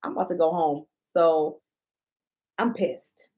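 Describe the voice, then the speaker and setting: A woman's voice: sits low, takes it slowly, dark tone. A woman with a blunt, indignant, profane manner, ranting casually to her viewers as a shop owner and vlogger.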